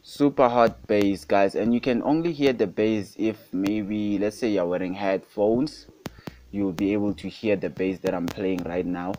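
A young man from South Africa, hosting a casual screen-recorded music production tutorial, speaks at a measured pace in a low, dark voice with a steady tone. There's slight background noise and a beat playing underneath, and he often calls things super hot and says guys.

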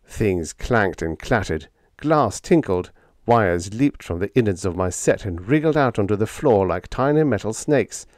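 Give me a man reading a humorous audiobook in a low, lively voice, dry and close. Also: a little slow, dry recording. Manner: lively, playful first-person telling. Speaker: audiobook narrator. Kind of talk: humorous storybook narration.

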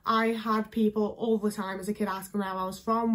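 A young English vlogger with a northern accent chats candidly to camera in a casual talking-head style, her medium-pitched voice level and a touch fast, loaded with filler words.

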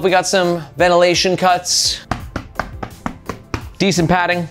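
A man with a slightly high voice hosts a relaxed gear review. He talks with energy and a joking edge, speaking right to the viewer. Faint music plays behind him. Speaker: backpack reviewer, channel host. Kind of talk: casual product review. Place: mostly indoors, one stretch walking outdoors.

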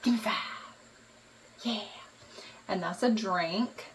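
A mother in playful talk with her baby, slow, sing-song and encouraging. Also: mid-range voice, recorded from a distance, a little hiss or hum, low-quality recording.

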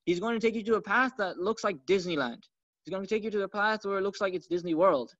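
Fast-talking man giving a conversational lecture. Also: sits high, a bit bright, dry recording. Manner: conversational, rhetorical questions with "okay?" and "right?". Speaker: Islamic teacher. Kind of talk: religious lecture. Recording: dull, slightly lo-fi dry recording.

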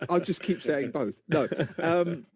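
A man co-hosting a radio interview, chatty and asking lively questions. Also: a little high, a little slow, slightly rough, dry recording. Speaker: radio co-host.

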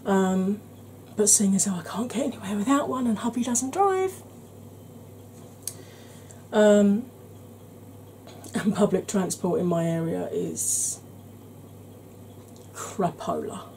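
A woman hosting a makeup tutorial, chatting in a rambling, conversational way and sometimes dropping into a soft whisper. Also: medium pitch, expressive, slow, long pauses, a little hiss or hum, poor audio. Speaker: beauty channel host.

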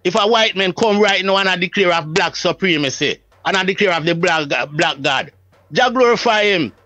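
A Jamaican Rastafari priest speaking in an emphatic, preacherly way, often checking whether the listener follows. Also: male voice, high voice, lively intonation, normal speed, bright, forceful tone, dry recording. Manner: emphatic, preacherly, often asks "you see what I say?". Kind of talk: religious reasoning, casual talk.

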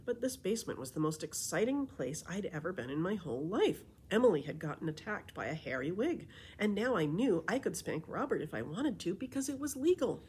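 A woman librarian reading a children's storybook aloud with expressive, animated storytelling. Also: on the low side, a little hiss or hum.

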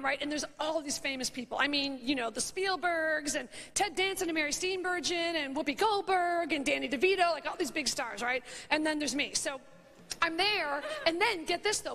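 A woman's voice: high-pitched, lively intonation, normal speed, a bit bright. A woman in her thirties doing stand-up, rambling and self-mocking as she acts out the people in her story. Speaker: stand-up comedian. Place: stage before a live audience. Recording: audience laughter and faint noise.

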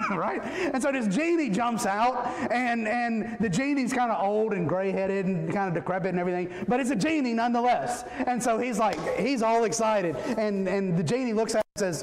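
A man's voice: sits high, normal speed. A male pastor preaching a sermon in a folksy, joking way, often repeating words as he goes. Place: church sanctuary. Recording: echoey church hall reverb.

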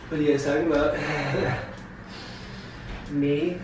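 Goofy high-voiced man joking around. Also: slow, echoey room, distant mic, background noise. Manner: goofy, deadpan absurd jokes, laughs often. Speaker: comedian doing prank bits with strangers. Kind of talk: improvised comedy sketches.

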